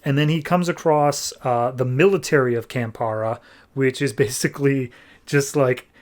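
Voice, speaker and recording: A man's voice: medium pitch, steady tone, moderate pace. A man hosting a comic podcast, retelling a story in a chatty, filler-heavy way. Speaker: comic book podcast host. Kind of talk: casual comic recap.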